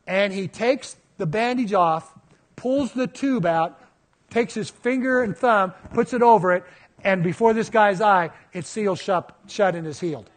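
A man in his fifties preaching a sermon, telling stories in a lively way. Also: high voice, unhurried. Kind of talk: sermon storytelling.

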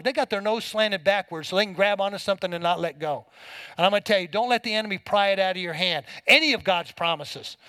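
A man's voice: high-pitched, fairly bright tone, dry recording, poor audio. A middle-aged man preaching a sermon to a congregation, folksy and emphatic, with homespun everyday examples. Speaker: pastor.

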